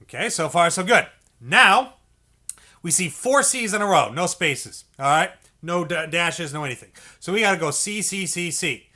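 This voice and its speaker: Male music teacher, encouraging and patient, bright tone, a bit high, demonstrates by singing note syllables. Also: expressive, moderate pace. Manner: patient, encouraging, repeats checks like okay and all right; sings syllables to demonstrate notes. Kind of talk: instructional video lesson.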